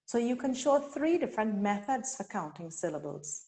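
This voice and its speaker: A woman from Trinidad and Tobago leading a teacher-training webinar, speaking deliberately and sounding out syllables slowly. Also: fairly high pitch, big pitch swings, warm tone. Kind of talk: instructional webinar talk.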